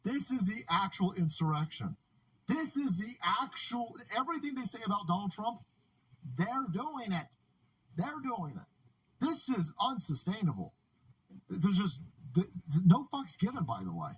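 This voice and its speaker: A man's voice: high voice, sing-song, normal speed, a little hiss or hum, rough recording. A man hosting a political livestream, ranting in a casual, profane way and often laughing. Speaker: livestream host. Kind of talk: casual political commentary stream.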